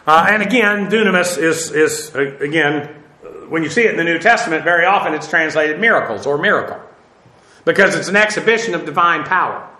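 A man with a bright, slightly high voice gives a classroom lecture. He thinks aloud, uses plenty of fillers and corrects himself as he goes. The room around him is echoey. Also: lively intonation, a little fast. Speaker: Bible teacher.

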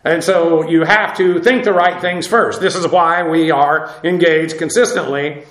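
A man's voice: on the high side, fairly even intonation, fairly bright tone. Man teaching scripture in an echoey room. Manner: measured, explanatory, frequent "uh" fillers. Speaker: Bible teacher. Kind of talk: sermon.

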